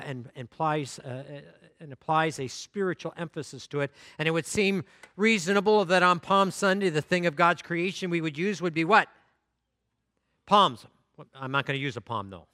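Male pastor, expressive storyteller, high bright voice, close and dry. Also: dry recording. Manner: expressive storyteller, repeats words when restarting. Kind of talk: sermon with storytelling. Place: church.

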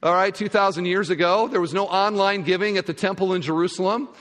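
Guy pastor preaching, lively storyteller, acts stuff out, long church-hall echo. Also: sits high, fast. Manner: animated storytelling, acting out scenes. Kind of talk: sermon.

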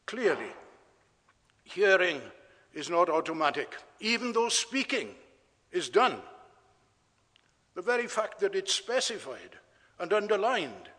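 Man, preacher, sermon, high voice, unhurried delivery, deliberate repeated emphases, church hall reverb. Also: big pitch swings, sharp tone.

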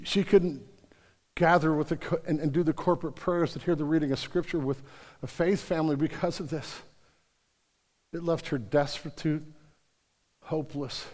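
A man preaching a sermon in a church sanctuary, his slightly high voice ringing with a long hall reverb. He drops to near-whispers, then builds to loud, emphatic declarations, often repeating words as he stresses a point. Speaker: pastor.

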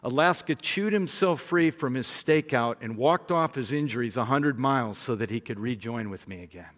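A middle-aged man giving a sermon as guest speaker, telling a story with lively acted-out voices. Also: mid-range voice, normal speed. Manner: animated storyteller, acting out voices. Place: large church hall. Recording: long hall reverb.

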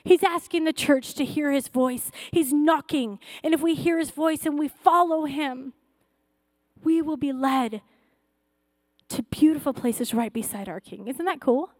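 A woman's voice: sits high, measured pace, no echo, studio quality. A woman pastor preaching a fervent sermon, exhorting her church with rising, repeated calls.

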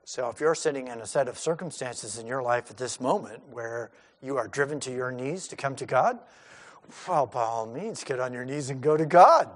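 A man's voice: mid-range voice, expressive, moderate pace. A middle-aged male pastor giving a sermon in a conversational way, acting out the lines of the disciples.

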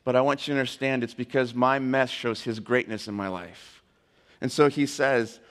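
A man giving a sermon, talking conversationally and slowing down to read scripture aloud. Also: medium pitch, fairly bright tone. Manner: earnest, conversational preaching with slow scripture readings. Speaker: pastor. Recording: long reverb of a hall.

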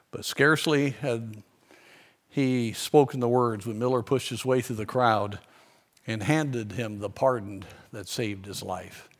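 A man preaching a sermon, telling a story in an earnest way and slowing down for emphasis. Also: mid-range voice.

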